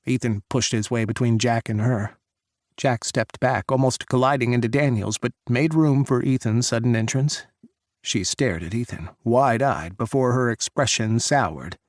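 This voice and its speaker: A man's voice: medium pitch, moderate pace, no room sound. Man narrating an audiobook, dry and close. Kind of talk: scripted narration.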